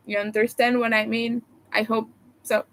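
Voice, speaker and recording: A woman with a Quebec French accent chats on a live stream at an unhurried, drawn-out pace. Her voice sits somewhat high for a woman, and she wanders through her thoughts with frequent ums and uhs. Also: steady tone, fairly bright tone. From Quebec, Canada. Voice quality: meandering, hesitant delivery full of fillers. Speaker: livestreamer. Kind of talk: casual live-stream chat.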